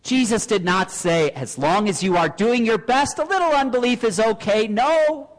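Man preaching in a church, really high voice, long echoey reverb, asks lots of questions. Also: lively intonation, moderate pace. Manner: earnest preaching with rhetorical questions. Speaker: pastor. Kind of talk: sermon.

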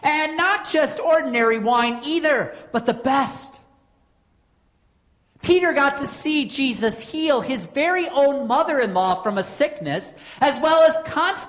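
A woman preaching a sermon in an earnest way, posing rhetorical questions with dramatic pauses. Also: sits high.

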